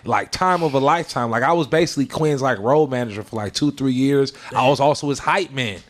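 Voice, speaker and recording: A man's voice: mid-range voice, a little fast. A man from San Francisco chatting as a podcast guest, telling stories in a laid-back, slangy way. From San Francisco, California. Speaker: guest, mixtape host and former hype man. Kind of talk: casual podcast chat.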